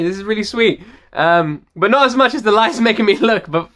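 A man hosting a reaction video, talking excitedly, repeating phrases and swearing freely. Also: high voice, brisk.

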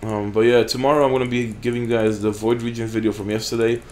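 A man's voice: fairly low pitch, little pitch movement, fast talker, darkish tone. Profane, blunt gaming-channel man. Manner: profane, blunt, frequent swearing. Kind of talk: casual gameplay commentary.

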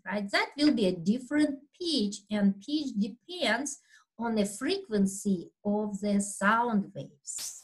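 A woman instructor giving a recorded anatomy lecture over slides, speaking loudly in an unhurried, explanatory way with fillers and throat clearing. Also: mid-range voice, expressive, poor audio. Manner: talks loudly by habit.

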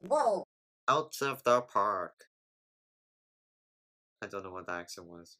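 Excitable reaction host over music. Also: medium pitch. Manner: excitable, exclaims and repeats phrases. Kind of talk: casual reaction commentary.

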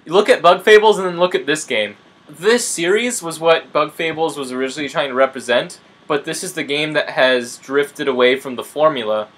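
A young man casually commenting on a video game he is playing, excitable and talking to his viewers. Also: on the high side, a little fast. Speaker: let's play gamer. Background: game music.

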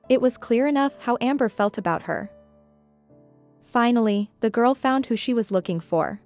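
A woman with a fairly high voice reads a scripted drama story in a steady, even manner. Soft music plays faintly beneath her narration.

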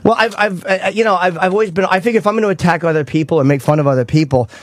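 Fast-talking man, frank and dry. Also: high-pitched, no echo. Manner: candid, confessional, rapid talk. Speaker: radio show host. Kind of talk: casual chat.

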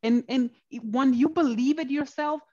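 A woman's voice: sits high, moderate pace, warm tone, highs cut off. A woman guest speaker in a motivational panel conversation on a video call, encouraging and often checking in with "right?".

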